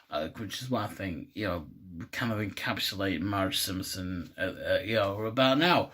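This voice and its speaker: A man's voice: on the low side, sing-song, moderate pace, a bit bright, husky. A man hosting a comic vlog, rambling and swearing as he retells a cartoon episode with laughs. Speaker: host.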